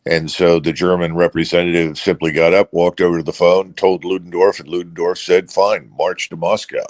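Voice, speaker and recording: Deep-voiced man giving measured analysis. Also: little pitch movement. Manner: measured, with many hesitations and restarts. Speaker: guest analyst. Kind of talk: unscripted political analysis.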